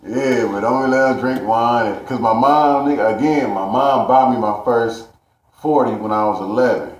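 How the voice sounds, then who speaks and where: A man's voice: mid-range voice, moderate pace. Guy ranting to camera in slang, swears a lot, rambly, roomy echo. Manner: profane, rambling, street slang. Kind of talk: casual storytelling rant. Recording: echoey room.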